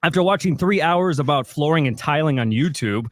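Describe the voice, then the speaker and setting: A man co-hosting a radio show, reading a scripted comic monologue in a deadpan storytelling manner. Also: fairly high pitch, fairly quick, a little hiss or hum. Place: radio studio. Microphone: studio mic.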